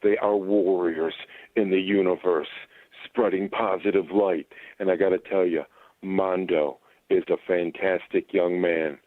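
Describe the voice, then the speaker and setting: A man's voice: low-pitched, fairly even intonation, measured pace, no room sound. A man from Michigan calling into a sports radio show, upbeat and full of motivational catchphrases. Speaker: caller. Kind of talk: call-in sports radio chat. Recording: tinny phone line.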